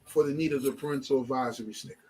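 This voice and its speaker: A middle-aged man hosting a podcast, talking casually in a loose, rambling, animated way with many restarts. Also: medium pitch, racing. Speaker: podcast host. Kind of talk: casual chat.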